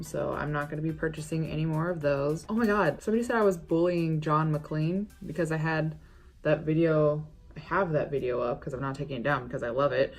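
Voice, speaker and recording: Low-voiced woman, rambling and swearing. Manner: defensive ranting. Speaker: beauty vlogger. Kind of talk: chatty makeup vlog.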